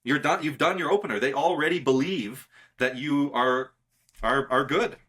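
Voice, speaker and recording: A man with a bright, forceful tone, talking shop as a guest in a casual magic conversation. He is emphatic and insistent and often repeats words to push a point. His pitch sits in the middle of the male range. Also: normal speed, slightly rough.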